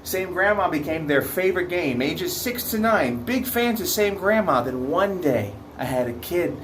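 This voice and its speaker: A man, a camp counselor, telling a story in a lively way and acting out the kids' voices. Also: on the high side, normal speed, slight background noise.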